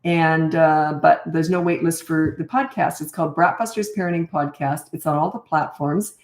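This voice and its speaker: A woman's voice: low voice, fairly even intonation, normal speed, darkish tone, echoey room. An older woman coaching parents in casual talk, blunt and no-nonsense, often acting out what parents and children say. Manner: blunt, no-nonsense, acts out quoted lines.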